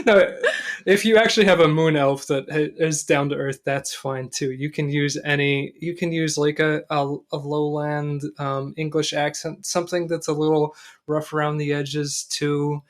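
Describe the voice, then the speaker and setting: A man co-hosting a gaming podcast, speaking in a tongue-in-cheek way and often pausing to restart his sentences. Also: on the high side, fairly even intonation. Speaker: podcast co-host. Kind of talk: casual podcast chat.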